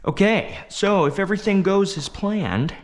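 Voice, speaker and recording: A man's voice: high-pitched, animated, normal speed, slight background noise. A man talking casually while working in his garage, muttering and swearing under his breath, recorded on a head-mounted action camera. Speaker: DIY mechanic vlogger. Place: home garage workshop.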